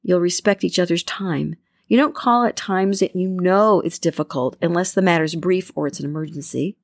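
A middle-aged woman talks in a casual, chatty way, slipping into small acted-out bits of dialogue. Her voice sits on the low side, and the recording is close and dry with no room sound. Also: normal speed, gravelly, no echo. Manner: chatty, acts out little quoted exchanges. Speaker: self-help speaker. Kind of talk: casual advice talk to camera.

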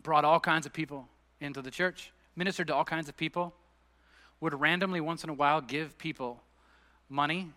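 Pastor guy preaching in a church, bright forceful voice, kinda high, big echoey hall. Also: steady tone, fairly quick. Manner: conversational storytelling preacher, rising to emphatic peaks. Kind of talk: sermon. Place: church sanctuary. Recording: long hall reverb.

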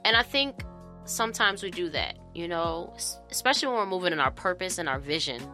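Bright-voiced woman hosting a podcast. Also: on the low side, animated, fairly quick, faint music behind. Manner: warm-hearted, preachy encouragement with fillers. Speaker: podcast host and educator. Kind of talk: casual podcast monologue.

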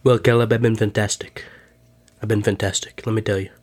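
A man putting on a bragging older politician who circles back to himself at every turn, repeating his boasts over and over. The voice sits low and flat, with barely any rise or fall. It is played as a comedic podcast sketch. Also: brisk, natural voice. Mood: boastful. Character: boastful older male ex-president, self-obsessed.

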